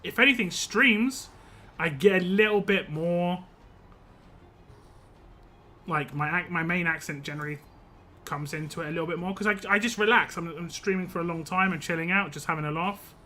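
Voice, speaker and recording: A man's voice: high voice, moderate pace, pushed and bright. A young man streaming a game live, chatting casually with viewers, rambling and laughing often.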